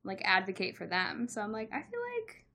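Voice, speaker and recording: Young woman, casual chat, animated storyteller, acts out quotes, frequent laughs. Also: mid-range voice, a little fast. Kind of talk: casual chat recapping a movie.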